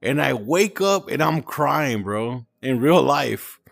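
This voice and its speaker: A man's voice: mid-range voice, expressive, slow pace, vocal fry. A man hosting a podcast, tipsy from drinking, telling a story in a loose, swearing, emotional way. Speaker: podcast host. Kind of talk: casual chat.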